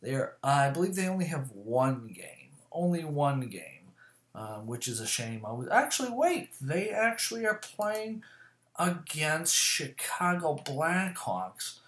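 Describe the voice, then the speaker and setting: A man chatting casually to camera, rambling and swearing often, with lots of fillers and quick self-corrections. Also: a little high, very animated, fairly bright tone. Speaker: vlogger. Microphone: camera mic. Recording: echoey room.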